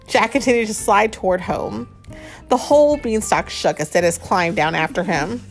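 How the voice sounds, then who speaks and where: A woman reading a picture book aloud to a child, animated and chatty, often laughing and stopping to talk with the child. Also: medium pitch, moderate pace, faint music behind. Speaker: storybook reader.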